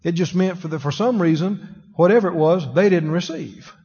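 Preacher guy, kinda husky and high, quizzing the congregation, dull recording with a big hall echo. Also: normal speed, mellow. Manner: conversational preaching, asks the congregation questions. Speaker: pastor. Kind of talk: sermon. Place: church sanctuary.

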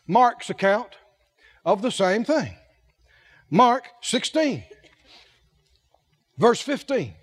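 A male preacher with a strikingly high voice delivers a sermon. His pitch leaps and dips all the time, and his lively phrasing pushes the room with rhetorical questions. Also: very slow, long pauses, slightly rough.

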